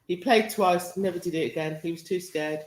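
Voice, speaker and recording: A woman's voice: on the low side, a little fast, roomy sound. A middle-aged woman casually telling a family story.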